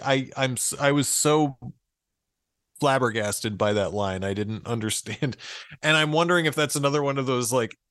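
A man with a medium-pitched, fairly bright voice is recorded cleanly in a studio with no echo. As a podcast co-host, he casually retells a fairy tale, amused and laughing often as he reads.

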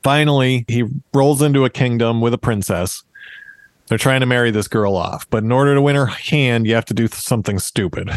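A man's voice: medium pitch, fairly quick, dry recording. A man in his thirties casually retelling a fairy tale on a podcast, with jokey asides and laughs. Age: 30s. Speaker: podcast host. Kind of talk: casual storytelling chat.

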